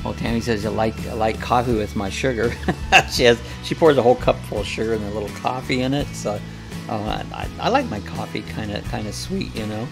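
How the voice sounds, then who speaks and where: A man with a gravelly, creaky voice hosts a casual live-stream chat. He rambles in a folksy way and keeps restarting his sentences. Guitar music plays clearly behind him. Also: fairly low pitch, fairly quick. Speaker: host of a live coffee chat show.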